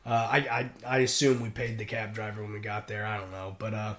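A man's voice: lowish voice, a little fast. A middle-aged man and mariner telling sea stories in casual podcast chat, acting out the voices of the people in them. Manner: animated, acts out voices in anecdotes. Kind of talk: casual storytelling.

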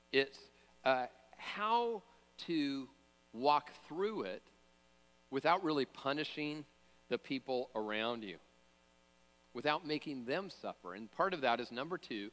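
A man's voice: mid-range voice, a bit bright, big-room sound. A man preaching a sermon as pastor, conversational, with joking asides and frequent fillers and restarts.

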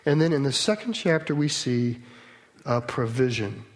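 A man's voice: medium pitch, animated, normal speed. A man preaching a sermon on Genesis, earnest and emphatic, working through verses and asking rhetorical questions.

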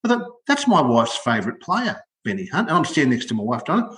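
An older Australian man chatting casually about rugby league, telling stories in an animated way and repeating words as he goes. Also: medium pitch, fast talker, echoey room. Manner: animated storytelling, repeats words when excited. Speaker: podcast co-host, former rugby league player. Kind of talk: casual sports chat.

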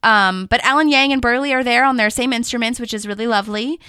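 A woman co-hosting a podcast, recapping an episode in casual chat. Her voice is bright and fairly high, with a crisp, clean tone. She animates the lines she quotes, and the recording is dry and close. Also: fast talker, no echo. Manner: animated, acts out quotes with big pitch swings. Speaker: podcast co-host.

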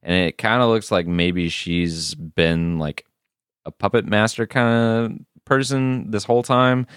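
A man's voice: lowish voice, steady tone, measured pace, a bit bright, smooth, no room sound, clean studio sound. A man co-hosting a podcast, recapping a show in a rambling, profane way with many fillers. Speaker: podcast co-host. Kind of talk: casual recap chat.

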